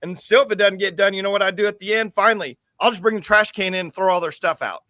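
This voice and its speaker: Bright high-voiced man, rambling. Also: fast talker, no room sound. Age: adult with school-age kids. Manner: rambling, repeats words while thinking. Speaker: show co-host. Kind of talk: casual talk-show chat.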